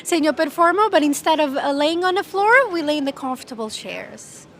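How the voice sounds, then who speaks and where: A woman being interviewed at a conference who chats in a relaxed way and sounds tired. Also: high-pitched, a little fast. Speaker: exhibitor guest. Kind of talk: casual interview chat.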